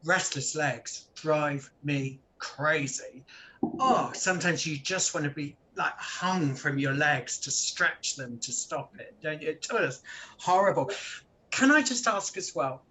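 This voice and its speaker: A man's voice: fairly high pitch, expressive, slow, pushed and bright, a little hiss or hum. A man hosting a health discussion, asking questions conversationally with some hesitations. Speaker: show host. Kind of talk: hosting a health talk show.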